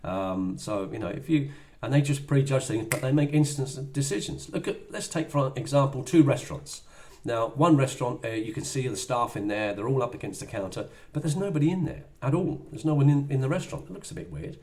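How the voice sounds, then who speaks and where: A man's voice: mid-range voice, expressive, brisk, a little mellow. A middle-aged man giving a motivational sales talk in a chatty way, acting out little dialogues as he goes. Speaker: business trainer.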